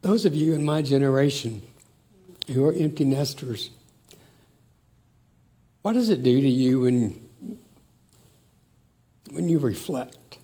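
An older man telling family stories in a slow, reflective, emotional way. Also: medium pitch, expressive. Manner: slow, warm, emotional storytelling.

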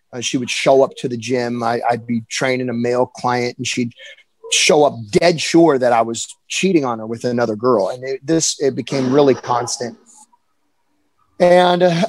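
An earnest young man tells his own story candidly. He has an average-pitched voice and often stumbles and restarts mid-sentence. The sound is dry and close. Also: darkish tone, no echo, poor audio. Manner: earnest, halting with frequent restarts. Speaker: personal storyteller. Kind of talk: candid personal account.

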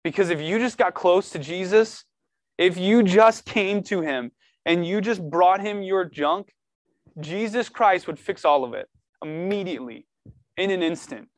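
A man preaching earnestly to a youth group, animated and casual, reading scripture and pleading with his listeners. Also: high voice, measured pace, no echo. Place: church room.

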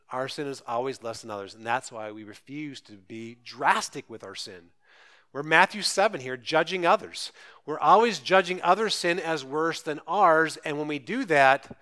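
A man's voice: medium pitch, pushed and bright, clean tone. A man pastor preaching a sermon, earnest and urgent, pressing listeners with rhetorical questions.

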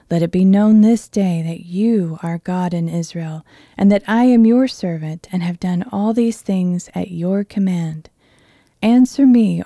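A woman voicing a bold male prophet as she reads a Bible passage in an earnest, steady voice. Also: medium pitch, no room sound, clean studio sound. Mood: pleading. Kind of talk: Bible reading.

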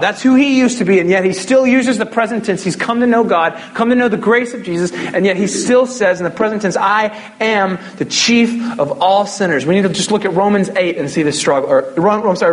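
A man's voice: sits high, a little hiss or hum. A young man preaching a sermon as a pastor, in a casual, conversational way with jokes.

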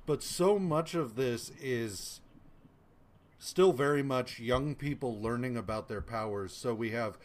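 Guy cohosting a comics podcast, lively, swears a lot, just chatting. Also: medium pitch, unhurried. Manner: animated, swears casually, slips into mock voices. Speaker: podcast co-host. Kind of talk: casual comics discussion.

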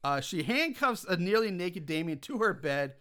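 Male co-host, casual recap chat, bright higher voice, animated. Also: normal speed. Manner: animated, swears when worked up. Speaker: podcast co-host recapping a film.

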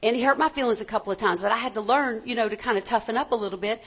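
Woman preacher with a high voice. Delivers a chatty, conversational sermon and calls out for amens from the pews. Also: rapid-fire, husky.

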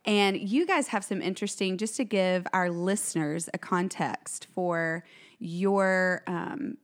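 A woman's voice: fairly low pitch, takes it slowly. A woman co-hosting a podcast in casual chat, bubbly and enthusiastic. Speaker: podcast co-host.

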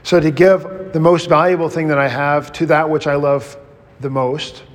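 Male pastor, Bible study teaching, fairly high voice, long hall reverb, animated and conversational. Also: moderate pace. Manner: conversational, animated retelling with restarts.

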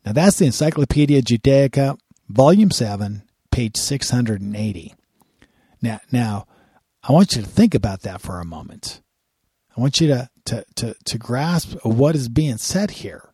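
A man's voice: medium pitch, expressive, moderate pace, mellow, slightly rough, no echo, clean studio sound. A man giving a sermon-style Bible lesson, earnest and often repeating words as he starts a phrase. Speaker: Bible teacher.

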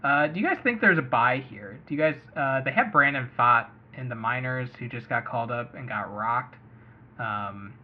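Lively intonation marks this man's medium-pitched voice, delivered at normal speed. As a fantasy baseball podcast host on a casual sports show, he's chatty, reasoning out loud and hedging often, with muffled lo-fi sound quality.

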